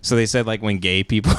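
A man's voice: on the low side, no room sound. A man co-hosting a comedy podcast, telling stories in crude banter and laughing often. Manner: animated storytelling, laughing often. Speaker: podcast co-host.

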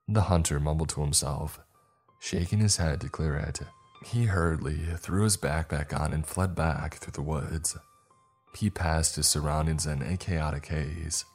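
A man with an extremely deep, low voice narrates a horror story. He tells it slowly and with measured care, and faint music plays softly underneath.

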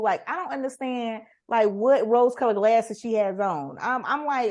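A woman's voice: on the high side, a little fast, hardly any pauses, a little mellow. A woman co-hosting a casual chat, talking in an emphatic, opinionated way and acting out what others might say. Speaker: podcast co-host.

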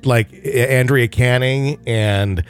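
A man hosting a podcast, chatting casually and reading a listener's letter aloud in a relaxed, joking way. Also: mid-range voice, slow pace, smooth, soft background music. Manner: relaxed, joking, with many fillers. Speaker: podcast host.

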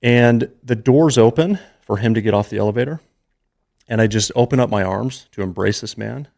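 A man in his thirties, guesting on a podcast, recounts a personal story in an earnest, emotional, conversational manner. His voice is lowish, gravelly and darkish, at normal speed.

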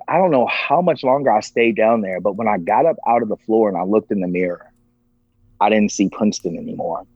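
A podcast guest with a fairly low voice tells a personal story earnestly and with emotion, acting out quoted voices along the way. The recording is dry, dull and lo-fi.

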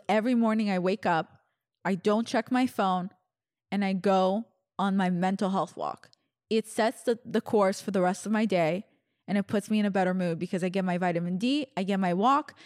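A woman's voice: mid-range voice, darkish tone, no room sound, clean studio sound. A young woman hosting her podcast, telling a personal story in a chatty, laughing way and acting out the lines of her friends. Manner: chatty, laughing, acts out quoted dialogue. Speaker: podcast host. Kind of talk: casual storytelling monologue.

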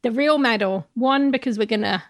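An English woman co-hosting a podcast, chatting eagerly and laughing often. Her voice sits a little high with a gravelly edge, recorded close and dry. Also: a little fast, no room sound. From England. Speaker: podcast co-host. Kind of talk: casual chat.

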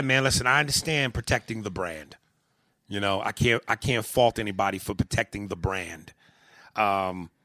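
A man's voice: lowish voice, no room sound, clean studio sound. A man hosting a comedy podcast, talking casually with profane jokes. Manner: profane, animated, joking. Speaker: podcast host.

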